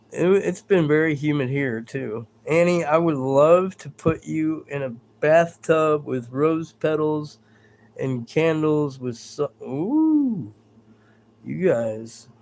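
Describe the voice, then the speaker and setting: A man's voice: fairly high pitch, slight background noise. A man hosting a live stream in a casual, rambling chat, reading out viewer comments and stumbling over his words in a self-deprecating way.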